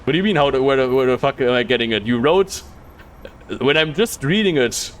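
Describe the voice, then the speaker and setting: A man's voice: mid-range voice, lively intonation, a little fast. A man streaming a game live, reading the dialogue aloud in a casual way, stumbling over words and swearing offhand.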